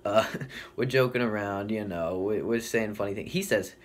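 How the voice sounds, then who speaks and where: A man's voice: lowish voice, moderate pace. Rambling young man telling a story. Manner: rambling, casual, lots of fillers and swearing. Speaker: comedic storyteller. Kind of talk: deadpan comedic monologue.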